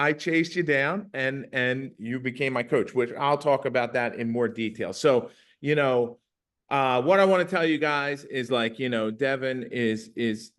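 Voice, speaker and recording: A man's voice: medium pitch, fairly bright tone. A male podcast host talking over a video call. He tells his story with feeling and rambles, tripping over and repeating words as he goes. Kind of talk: casual conversation on a video call.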